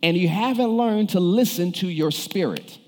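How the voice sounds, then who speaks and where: A man's voice: sits high, normal speed, long reverb tail. A male pastor preaching a sermon, turning to the congregation with questions and cues. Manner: preaches with shifting emphasis, calls on the congregation.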